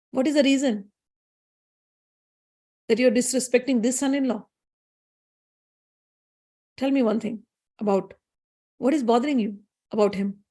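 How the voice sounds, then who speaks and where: A woman's voice: on the high side, a little mellow. A woman voicing a young goddess who pleads with her husband, then defies him. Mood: confronting. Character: young goddess wife, devoted then furious.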